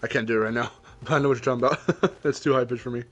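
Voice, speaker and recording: A man's voice: mid-range voice, steady tone, racing, fairly bright tone, soft background music. Laughing, joking young man streaming. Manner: joking, laughs often, rambling. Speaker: streamer and host. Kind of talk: casual gaming chat.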